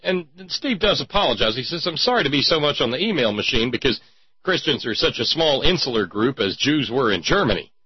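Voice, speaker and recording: A man hosting talk radio, giving mocking, sarcastic commentary and breaking into sudden high-pitched exclamations. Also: sing-song, brisk, breathy edge, dry recording, muffled recording. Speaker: radio host.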